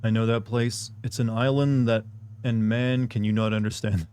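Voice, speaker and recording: A man's voice: lowish voice, fairly even intonation, normal speed, a little mellow, clean tone. An American man streaming a game live, joking and chatting with his viewers as he plays. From United States. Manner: joking, chatty, talks to chat while playing. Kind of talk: live gameplay commentary.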